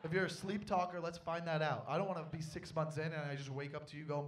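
A young man performing a stand-up comedy set on stage, telling a story with animated, loud panicky outbursts. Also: a little high, fast, distant mic, a little hiss or hum.

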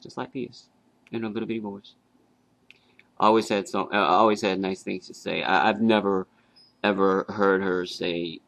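A young man giving a halting, casual tribute to his late grandmother, with fillers and restarts. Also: low voice, vocal fry, a bit bright, dry recording. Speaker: grieving grandson.

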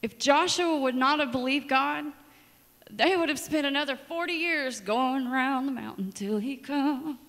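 A woman's voice: sits high, moderate pace, big-room sound. A woman preaching a sermon in a church, telling stories with dramatic asides. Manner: storytelling, lively and dramatic asides. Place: church sanctuary.

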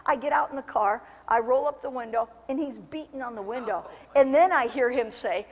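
A woman pastor delivers a lively sermon, moving between storytelling and fervent, shouted appeals. Her voice sits a little high. It rings out with a long reverb through a church sanctuary. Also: a little fast.

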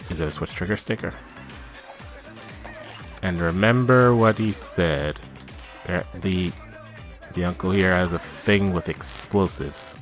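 Excitable man yelling at a video game. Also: deep voice, measured pace, long pauses, soft background music. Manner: chatty, self-talking asides between outbursts. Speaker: let's play gamer. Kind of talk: let's play commentary.

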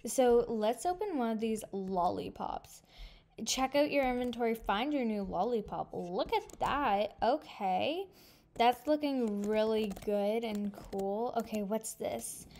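Bubbly girl gamer gushing over cute stuff, higher voice but kinda mellow tone, gasps a lot. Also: takes it slowly. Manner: gushing and excitable, frequent gasps; sentimental thank-yous to viewers. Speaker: gaming channel host. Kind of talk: casual gameplay commentary.

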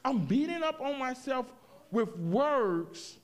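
Lively, expressive male preacher. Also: very high-pitched, takes it slowly. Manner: expressive preaching, swings from quiet to loud, vernacular asides. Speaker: pastor. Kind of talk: sermon.

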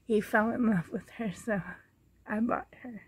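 A woman giving a casual show-and-tell vlog at home, speaking gently and fondly with frequent pauses and a slightly hoarse throat. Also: a little high, steady tone, no echo. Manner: gentle, pausing often, fond and chatty. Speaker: doll collector vlogger.

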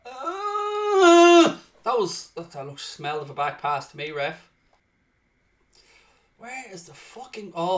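A man hosting and commentating on his own football video game, excitable and swearing loudly in frustrated outbursts, sounding tired. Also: high-pitched, takes it slowly. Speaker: gaming streamer and host. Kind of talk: live gaming commentary.

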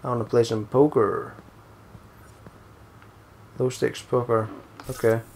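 Joking, swearing and occasionally singing, a let's play gamer rambles casually over his gameplay. His mid-range voice is gravelly with a breathy edge, delivered slowly in a level tone.

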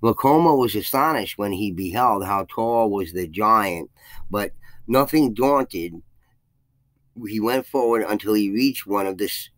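A man's voice: on the low side, lively intonation, measured pace, a bit bright, dry recording, poor audio. A man reading a folk legend aloud, lifting his voice for the quoted lines, with occasional slips. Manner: reads with archaic phrasing, raises his voice for quoted speech, slips and restarts. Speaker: channel host reading a legend. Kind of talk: reading a folk tale aloud, then commentary.

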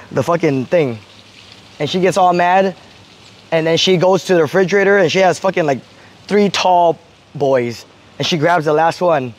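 A man telling a heated, profane story to his stream, quoting what he said. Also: fairly high pitch. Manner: heated, profane, quotes himself. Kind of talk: casual storytelling.

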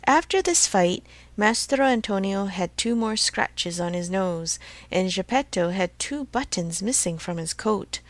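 A woman reading a storybook aloud for English learners in a clear, measured way. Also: medium pitch, lively intonation, no echo. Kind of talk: scripted storybook narration.

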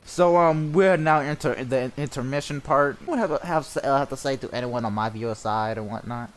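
A man's voice: mid-range voice, a little fast, faint music behind. A man hosting a stream and bantering with friends, laughing often and tripping over his words. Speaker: streamer hosting a group reading. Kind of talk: casual group banter on a stream.

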